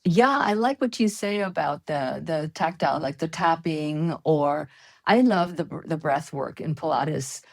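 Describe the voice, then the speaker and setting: Low-voiced woman fitness coach. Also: unhurried, vocal fry, no echo. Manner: earnest, encouraging coach-like. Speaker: fitness expert guest. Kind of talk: conversational interview.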